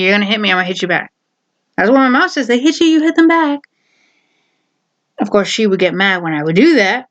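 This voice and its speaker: A young woman with a fairly high voice tells a personal story to the camera, blunt and animated, slipping into other people's voices as she goes. The recording is a little dull and lo-fi. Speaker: vlogger. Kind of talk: casual storytelling.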